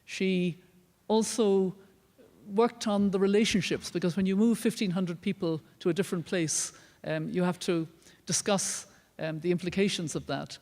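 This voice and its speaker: An older woman with an Irish accent, giving an earnest, measured public lecture as a guest speaker. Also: on the low side, fairly even intonation, darkish tone. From Ireland. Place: large lecture hall. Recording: long reverb of a large hall.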